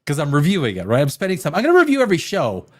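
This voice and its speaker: A male host reviews a TV show on a casual live stream. He rambles in an exasperated way and throws in sarcastic asides. His voice sits somewhat high and swings widely in pitch. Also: huge pitch swings, rapid-fire.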